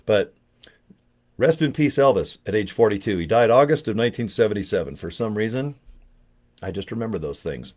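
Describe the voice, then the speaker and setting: Chatty older man, low voice. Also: animated, fairly quick, darkish tone. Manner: joking, chatty, self-deprecating, laughs often. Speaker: network marketing promoter. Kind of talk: casual rambling vlog.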